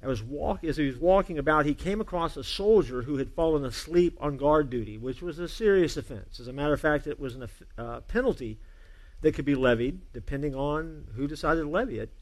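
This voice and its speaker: Preaching to a congregation, this male pastor speaks earnestly in a slightly high, expressive, brisk voice. He moves between loud urging and hushed emphasis.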